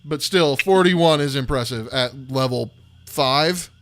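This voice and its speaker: A man's voice: medium pitch, a bit bright, no room sound. Apologetic game master man. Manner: apologetic, self-correcting, quick rules talk. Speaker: dungeon master. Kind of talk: narrating a tabletop game.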